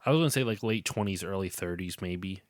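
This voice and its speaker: A man's voice: deep voice, fast, dry recording, studio quality. A man talking casually about a film on a podcast, rambling and correcting himself as he goes. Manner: rambling, self-correcting, laughs easily. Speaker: podcast co-host.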